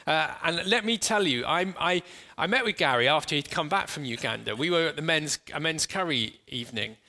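Leading his audience through a guided imagination exercise during a sermon, this man speaks earnestly yet haltingly with many restarts. His voice is on the high side with lively intonation, and he slows and softens for the imagery.

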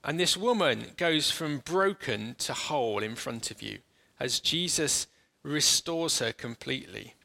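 Bright-voiced man leading a guided sermon. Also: medium pitch, expressive, vocal fry. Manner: earnest, halting, with frequent restarts. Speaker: preacher.

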